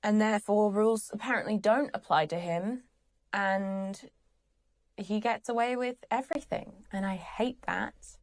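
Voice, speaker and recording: A young woman speaks close to her mic at a middle pitch. She rants about a TV character with dry sarcasm and plenty of swearing. She keeps doubling back into rambling asides. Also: a little slow. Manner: sarcastic, exasperated, swears freely. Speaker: channel host. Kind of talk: ranting commentary.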